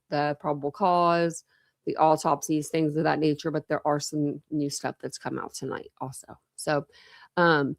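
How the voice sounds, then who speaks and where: Chatty woman host, low and dry. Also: no room sound. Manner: chatty, rambling, many fillers and restarts. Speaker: true crime livestream host. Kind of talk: casual live-stream case rundown. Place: home room with pets.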